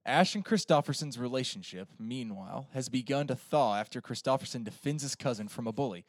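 A man's voice: medium pitch, expressive, brisk, hardly any pauses, no room sound, studio quality. A man on a film podcast reading a plot summary and adding casual remarks with fillers. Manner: reads the plot steadily, with fillers when he ad-libs.

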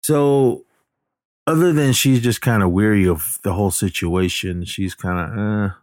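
A man's voice: on the low side, a little slow, darkish tone, dry recording, studio quality. A man casually retelling a film plot, rambling, backtracking to correct himself and briefly acting out the characters' lines. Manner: acts out the characters' lines in passing.

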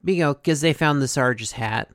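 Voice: medium pitch, normal speed, fairly bright tone, no room sound, studio quality. A host casually recapping a cartoon episode, chatty, with many fillers and asides.

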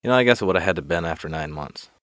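Low-voiced guy rambling thru a solo podcast, laughs at himself, dry close sound. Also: expressive, very fast, fairly bright tone, no room sound. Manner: rambling, self-deprecating, laughs often. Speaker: podcast host.

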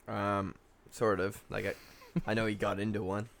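A man's voice: on the low side, flat delivery, unhurried, creaky. A young man co-hosting a podcast in casual chat, rambling through his stories with plenty of "like" and swearing. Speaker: podcast co-host.

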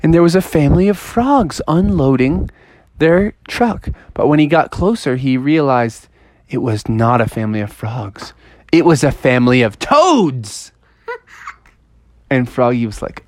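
Woman telling a playful, lively story. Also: extremely low pitch, measured pace, no echo. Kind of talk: improvised bedtime storytelling.

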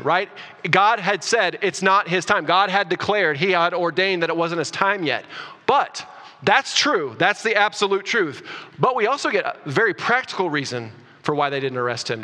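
Pastor guy preaching, bright tense voice, big churchy reverb, gets loud n animated. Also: fairly high pitch, moderate pace. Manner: animated preaching, rising loud for emphasis, self-correcting restarts. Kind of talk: sermon. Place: church sanctuary. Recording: long reverb of a church hall.

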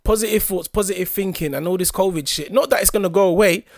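A man's voice: high voice, fast talker, no echo, clean studio sound. A young man, co-hosting a podcast and telling laid-back stories in street slang. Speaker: podcast co-host. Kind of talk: casual chat.

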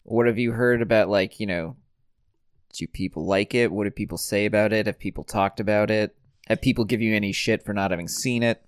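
A man's voice: on the low side, steady tone, fairly quick, dry recording, studio quality. A man hosting a casual podcast chat. He asks probing questions and cuts in playfully. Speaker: podcast host.

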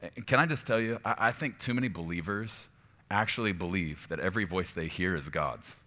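A man preaching a sermon as pastor, moving from quiet, reflective stretches to loud, high-pitched exhortation. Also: a little fast. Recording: long hall reverb.

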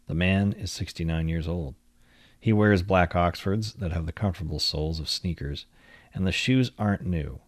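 A man with a low, deep voice reads a long magazine feature aloud. His delivery is measured and literary, carrying the story along at an even storytelling pace. The sound is dry and close, with no room echo. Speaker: narrator.

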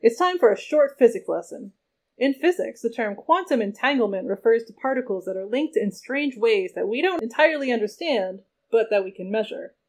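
Give me a woman voicing an overexcited man from an old corporate training video, loud and peppy. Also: on the high side, expressive, a little fast. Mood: pumped. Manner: exclamatory, bro-ish.

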